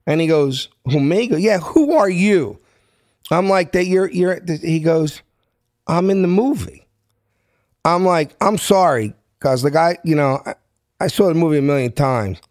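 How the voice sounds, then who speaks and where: Brief: Philadelphia-accented man in his fifties, slightly high voice, animated storyteller, dry close sound. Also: normal speed, no echo. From South Philadelphia. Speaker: guest. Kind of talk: storytelling in a podcast interview.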